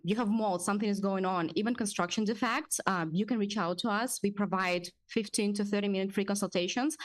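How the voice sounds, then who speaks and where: A woman's voice: medium pitch, no room sound. A woman real estate attorney speaking as a radio guest, confident and practical as she advises listeners.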